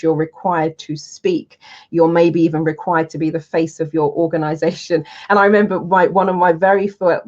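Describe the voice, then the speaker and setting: Animated woman telling stories. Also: on the low side. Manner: animated, acts out her own voice in anecdotes. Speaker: public speaking coach. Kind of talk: casual storytelling to camera. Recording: dull lo-fi sound.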